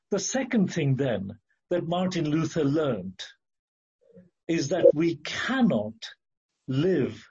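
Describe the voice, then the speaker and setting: A man preaching a sermon in an earnest, emphatic way, repeating key phrases and slowing down to stress words. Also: fairly high pitch, warm tone, breathy edge, highs cut off.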